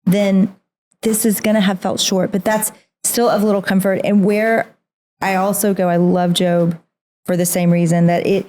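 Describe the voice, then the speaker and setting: A woman's voice: medium pitch, flat delivery, moderate pace, mellow. A woman guest on a faith podcast, talking earnestly and reading scripture aloud with feeling. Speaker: guest author. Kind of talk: casual faith conversation.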